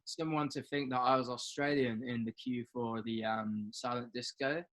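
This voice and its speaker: A man's voice: medium pitch, fairly even intonation, moderate pace, a bit bright. A young man telling a story in a hesitant, sheepish way during a casual chat.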